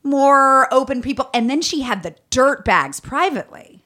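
A middle-aged woman hosting a podcast, chatting casually with a playful, teasing manner and quick joking asides. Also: high voice, lively intonation, pushed and bright. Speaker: podcast host. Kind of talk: casual chat.

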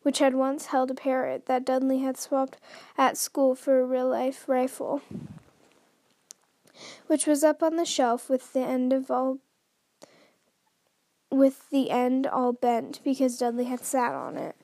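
A woman's voice: high-pitched, steady tone, unhurried, long pauses, dark tone, no room sound. A woman hosting a podcast, reading a book aloud in an unrehearsed way, often stumbling and restarting lines. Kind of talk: unrehearsed read-aloud narration.

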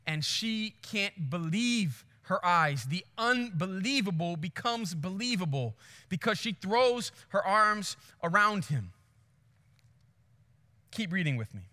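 A man preaching a sermon, telling a story with animated swings from hushed to loud before reading scripture. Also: high voice, slow pace, in a large hall. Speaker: pastor.

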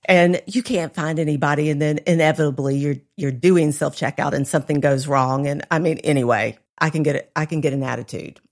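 A woman's voice: deep voice, fairly even intonation, brisk, hardly any pauses. A woman co-hosting a casual chat, candid and self-deprecating, speaking to listeners. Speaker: podcast co-host.

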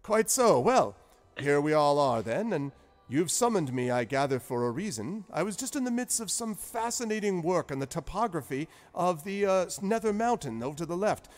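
A jovial old giant wizard with a long white beard, as a man puts him on, his voice soaring high and swooping all over. He talks in a grand, flowery, beaming manner, in a tabletop role-play. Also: very animated, moderate pace. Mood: genial.

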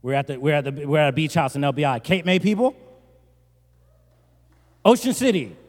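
A male pastor from New Jersey preaching a sermon, telling a joking story and rising to loud, emphatic bursts. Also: fairly high pitch, fast. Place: large church hall. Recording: long church-hall reverb.

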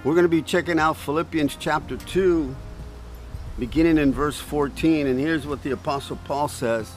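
A man's voice: on the high side, moderate pace, soft background music, low-quality recording. A man giving a conversational devotional talk outdoors in a breeze, asking his listeners questions. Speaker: preacher. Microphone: camera on a stand.

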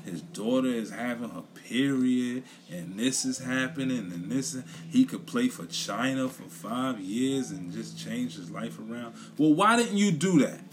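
This young Brooklyn man, a commentator, rants bluntly and profanely in casual conversation, hammering his points by repeating them. His medium-pitched voice is animated and a little slow with few pauses, over a slight hiss or hum.

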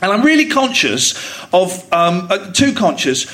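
Man, middle-aged, podcast guest, animated swearing storyteller, lively pitch. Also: normal speed. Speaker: podcast guest, radio presenter. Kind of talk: anecdotal chat. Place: theatre stage before a live audience.

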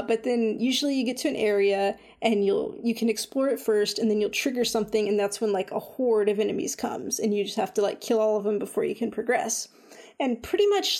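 Woman, casual chat, slightly high pitch, filler-heavy, animated. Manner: chatty, lots of fillers like "like" and "um"; excitable, animated retelling of her reactions. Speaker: video game reviewer.

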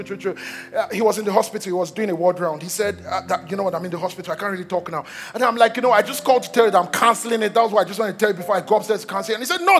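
A Nigerian man in his thirties preaching a sermon, telling a lively story, repeating words and acting out what people said. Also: sits high. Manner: animated storytelling, repeats words, acts out quotes. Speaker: pastor.

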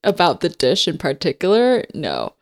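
A woman co-hosting a casual podcast chat, chiming in with quick comments and questions. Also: lowish voice, huge pitch swings. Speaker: podcast co-host.

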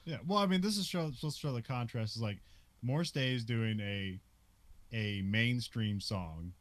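A man's voice: medium pitch, normal speed, no echo. A man co-hosting a podcast, recapping a film in casual chat, laughing often and filling his sentences with "like" and restarts. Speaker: podcast co-host.

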